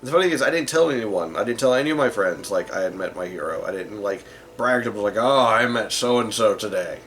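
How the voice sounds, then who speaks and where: A man's voice: lowish voice, lively intonation, fast talker, a bit bright, slight background noise. A man hosting a tabletop gaming channel, talking casually and rambling a bit with likes and uhs. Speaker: tabletop game channel host. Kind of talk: casual talk to camera about running games.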